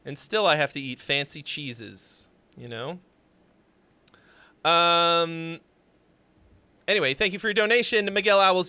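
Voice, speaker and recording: A man hosting a casual livestream, rambling and joking as he reviews songs, now and then shouting a greeting. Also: on the high side, measured pace, long pauses, clear, resonant tone, no echo. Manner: rambling, jokey, with sudden loud shouts.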